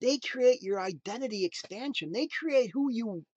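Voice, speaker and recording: A man giving a motivational talk in a preachy, emphatic way, swinging between loud punchlines and quiet asides. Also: very high voice, expressive, normal speed, slightly rough, no echo, dull audio. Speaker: motivational speaker.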